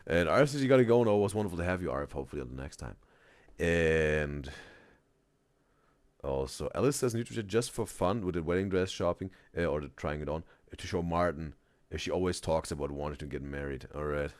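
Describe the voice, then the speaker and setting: A man with a very deep voice that swings widely in pitch comments casually over a video. He talks in halting bursts, restarts his sentences and keeps adding "right?" and "bro". The sound is dry and close. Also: expressive, dry recording. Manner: halting, many restarts, says "bro" and "right?" often, laughs loudly. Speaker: reaction streamer. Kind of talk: casual live reaction commentary.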